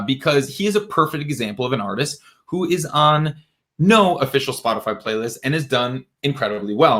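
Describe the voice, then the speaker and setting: Young guy livestreaming advice to musicians, punchy and animated, voice in the middle range. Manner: energetic, emphatic, swings from low asides to bright exclamations. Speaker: music industry educator.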